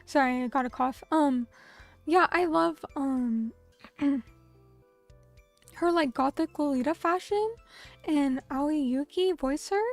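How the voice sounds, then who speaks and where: This young woman talks casually with her stream audience, reading their comments aloud in a bubbly, chatty manner full of fillers. She speaks slowly in a high voice, pausing often, over soft background music.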